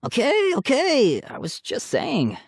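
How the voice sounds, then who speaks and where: A man putting on a big bully of a boy for a storybook read, his voice lifted well above his own and stretched into slow, smirking taunts. The pitch swings lively from line to line, and the sound is dry and close. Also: creaky, breathy edge, no room sound, heavily acted. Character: big rude teenage boy cousin, mocking bully. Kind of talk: audiobook character voice.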